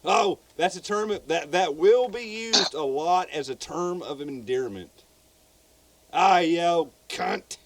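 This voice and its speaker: A man's voice: fairly high pitch, lively intonation, a little slow, fairly bright tone. A Southern man co-hosting a podcast, telling a true crime story in a loose, rambling way. He stumbles over repeated words and swears freely.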